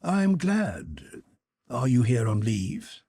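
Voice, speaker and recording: A man's voice: fairly high pitch, measured pace, a little mellow, no echo, clean studio sound, pitched above the performer's own voice. A man voicing a haughty, self-important older nobleman who speaks curtly, with severity and indifference. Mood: curt, lofty.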